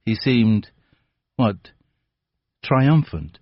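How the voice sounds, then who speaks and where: A man reading a mystery audiobook in an even, unhurried narration. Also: lowish voice, dry recording. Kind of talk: scripted narration. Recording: dull dry audiobook recording.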